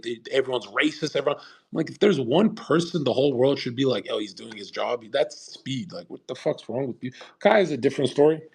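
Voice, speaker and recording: A man hosting a live stream, talking casually in a brash, profane, animated rant. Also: medium pitch, breathy edge. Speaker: streamer host.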